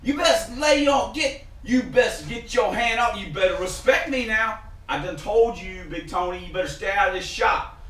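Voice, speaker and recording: A man's voice: sits high, animated, measured pace, pitched above the performer's own voice. A man putting on a rowdy, slangy, trash-talking character who mocks the host, in a home workshop. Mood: threatening. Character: loud mouthy man mocking the host.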